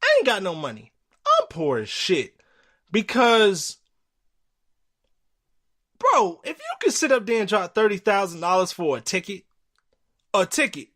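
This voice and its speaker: A man hosting a podcast, telling a story in a casual, animated way and acting out the people he quotes. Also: a little slow, pauses often. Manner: animated, acts out quotes with jumps in pitch, swears freely. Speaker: podcast host.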